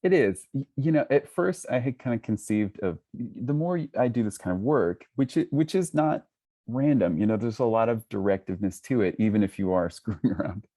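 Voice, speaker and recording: Man, guest scholar, mellow low voice, hesitant, restarts, video call. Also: lively intonation, moderate pace. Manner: hesitant, restarts, soft laughs. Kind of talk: casual conversation on a video call.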